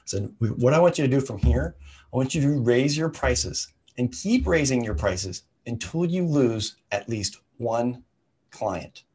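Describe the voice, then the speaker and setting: A man's voice: mid-range voice, unhurried, husky. A man co-hosting a podcast, telling a story in a casual chat and acting out the voices of the people in it. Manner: animated storyteller, acts out quoted voices.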